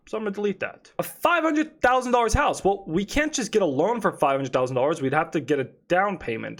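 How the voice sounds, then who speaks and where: High-voiced, animated man explaining money. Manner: animated, exclamatory, calculating aloud. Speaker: real estate investor explaining finances.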